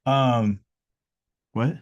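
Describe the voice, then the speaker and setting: The audio is dull as a man with a medium-pitched voice speaks extremely slowly, hosting a casual live podcast indoors with noise around him. He rambles loosely and motivationally, with frequent "uh"s and restarts.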